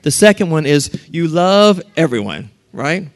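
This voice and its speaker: A man's voice: a little high, big pitch swings, a little slow. A man preaching a sermon, reading scripture aloud and animatedly acting out the voices of the people he quotes.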